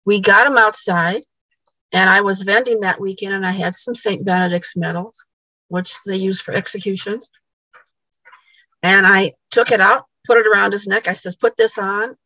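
A woman's voice: mid-range voice, fairly even intonation, normal speed, pushed and bright, no echo, rough recording. A woman, a podcast guest, telling a paranormal story in casual conversation, repeating words and acting out the dialogue.

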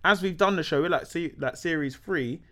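A young man, telling animated stories in slang and acting out other people's lines in a casual chat. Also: a little high, brisk. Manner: animated storytelling with slang and acted-out quotes. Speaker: podcast guest, TV co-host.

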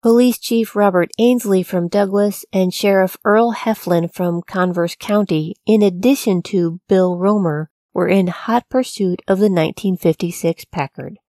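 A woman narrating a true-crime story from a script, in a measured, even storytelling delivery. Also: medium pitch, no echo, clean studio sound. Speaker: podcast narrator.

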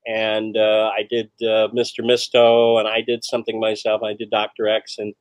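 Halting man recalling stories, dry sound. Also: lowish voice, monotone, dry recording. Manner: halting, hesitant storyteller. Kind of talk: casual chat.

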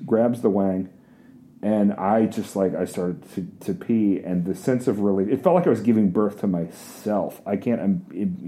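A man's voice: fairly low pitch, warm tone. A man telling a funny, crude personal story in a rambling, self-mocking way.

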